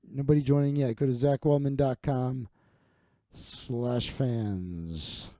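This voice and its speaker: A man's voice: medium pitch, steady tone, slow, mellow, no room sound, studio quality. A man hosting a livestream comedy monologue, telling stories in a crude, rambling way full of asides. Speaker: comedian host.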